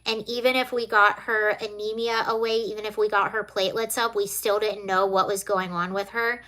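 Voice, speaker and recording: A woman hosting a casual livestream grows emotional and tearful as she talks to her viewers. Her medium-pitched voice is a bit bright, with a flat delivery at a moderate pace.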